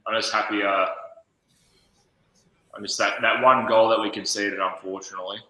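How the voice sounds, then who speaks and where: An excitable man talks football on a live stream, swearing and quick to defend his team. His voice is bright and forceful, and the room echoes around it. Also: lowish voice. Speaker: football watch-along co-host. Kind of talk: casual live-stream banter.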